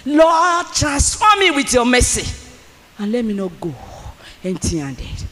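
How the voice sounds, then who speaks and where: A preacher delivering a fervent sermon, repeating lines for emphasis and often bursting into shouts. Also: mid-range voice, very animated, unhurried, in a large hall, soft background music.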